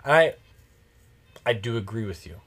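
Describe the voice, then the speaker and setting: A man's voice: lowish voice, lively intonation, unhurried, fairly bright tone, soft background music. A man hosting a podcast, chatting casually in a rambling, jokey way with a friend. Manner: rambling, jokey, laughs often. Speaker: podcast host. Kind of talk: casual chat.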